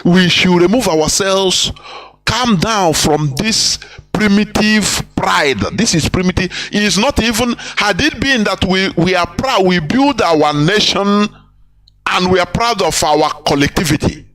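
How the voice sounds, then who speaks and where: A man hosts a radio talk program in a preachy, rambling way, slipping between English and phrases. His voice sits fairly high for a man. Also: lively intonation, normal speed, a bit bright, rough recording.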